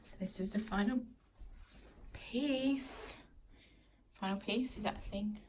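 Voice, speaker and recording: A woman's voice: medium pitch, takes it slowly, recorded from a distance, soft background music. Gushing pregnant woman in echoey room. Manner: excited, gushing, casual. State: pregnant, out of breath. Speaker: parenting vlogger. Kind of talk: unboxing vlog. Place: living room at home. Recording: echoey room, camera mic away from her.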